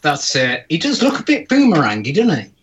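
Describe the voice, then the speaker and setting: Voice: mid-range voice, wildly swooping pitch, brisk, fairly bright tone, dull audio. A co-host on a video call, tossing in teasing one-liners during a casual podcast chat. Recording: noisy call audio.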